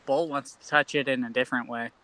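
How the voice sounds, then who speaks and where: A man's voice: mid-range voice, fairly even intonation, fast talker, pushed and bright, dry recording, rough recording. A man playing in a tabletop game, chatting in a casual, joking way. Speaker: player.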